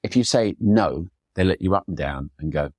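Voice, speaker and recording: A man's voice: low-pitched, animated, normal speed, darkish tone, no echo, clean studio sound. A middle-aged man telling enthusiastic, chatty stories as a podcast guest, slipping into acted quotes. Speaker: photographer guest. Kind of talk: storytelling conversation.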